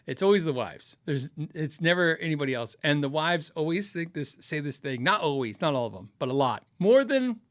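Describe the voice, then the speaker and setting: A man's voice: a little high, sing-song, a little fast, few pauses. A middle-aged man hosting a live podcast, chatting casually through viewer questions, laughing often and acting out quoted voices as he tells stories. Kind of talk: casual live-stream chat.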